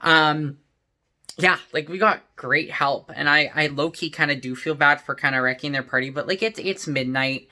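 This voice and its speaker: A young man chatting straight to his viewers in a casual vlog. His voice is bright and a little sharp. He rambles through the story with a steady stream of "like" and "you know". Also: a little high, normal speed. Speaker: vlogger.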